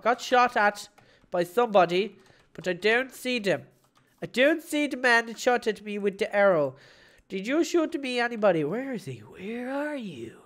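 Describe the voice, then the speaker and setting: A woman hosting her gaming channel, giving live gameplay commentary in an excitable, playful way, shouting at big moments. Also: mid-range voice.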